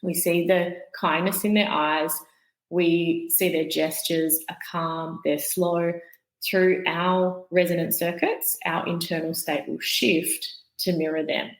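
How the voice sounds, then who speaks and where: A woman guest expert explaining the nervous system in calm, patient interview talk. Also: fairly low pitch, slow, echoey room, low-quality recording. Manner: calm, explanatory, demonstrates voices.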